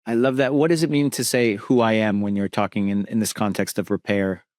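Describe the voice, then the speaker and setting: A man's voice: lowish voice, steady tone, fairly quick, darkish tone, no echo, clean studio sound. A man hosting a podcast interview, talking casually with many fillers and restarts. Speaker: podcast host.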